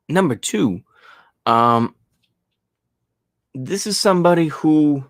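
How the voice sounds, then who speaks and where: A man's voice: medium pitch, dry recording, studio quality. A man giving a casual opinion monologue as a podcast host, rambling with many fillers and restarts and sarcastic mocking asides.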